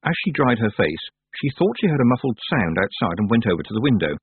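Man reading a story, very lively. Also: mid-range voice, fast talker, breathy edge, no room sound. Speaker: audiobook narrator. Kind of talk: audiobook reading. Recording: dry tinny phone-like audio.

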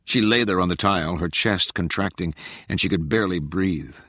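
A man reading a thriller audiobook in measured, dramatic narration. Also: deep voice, fairly bright tone, no echo, clean studio sound.

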